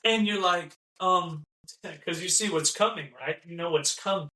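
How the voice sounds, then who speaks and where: High, bright-voiced man ranting in an echoey room. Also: normal speed, recorded from a distance. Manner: ranting, repetitive, mocking, acts out quoted voices. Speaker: podcast host. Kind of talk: impassioned monologue.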